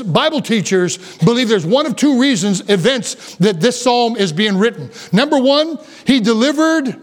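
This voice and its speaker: High-voiced earnest preacher man. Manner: earnest, swings from loud declarations to low hushed asides; quick restarts and stammers. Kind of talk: sermon.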